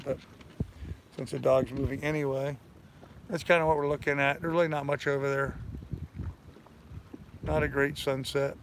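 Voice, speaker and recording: An older man from New York, hosting a sailing channel and chatting easygoingly on a live stream from a boat. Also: medium pitch. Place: outdoors on a boat in a harbor. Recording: loud wind noise on the mic.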